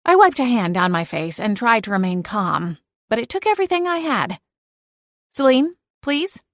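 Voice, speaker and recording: A woman narrating a cozy audiobook in the first person, lively and expressive. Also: medium pitch, brisk, no room sound, clean studio sound.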